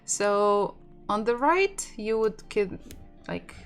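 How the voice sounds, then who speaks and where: A woman's voice: mid-range voice, animated, slow, smooth. A woman whose first language is Russian, teaching an online language lesson and patiently repeating sounds and words for practice. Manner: chatty asides with light laughs. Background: faint background music.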